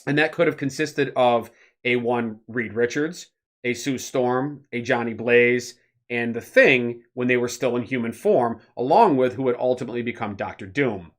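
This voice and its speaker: A man co-hosting a casual podcast, explaining at length in an animated, rambling way with many fillers. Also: medium pitch, moderate pace. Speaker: podcast co-host.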